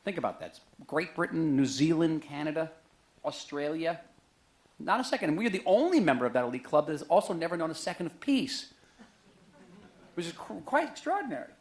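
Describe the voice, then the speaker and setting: A man's voice: on the high side, brisk. Joking middle-aged man lecturing an audience. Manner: conversational, joking, animated storytelling. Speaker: author giving a book talk. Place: museum auditorium with a live audience.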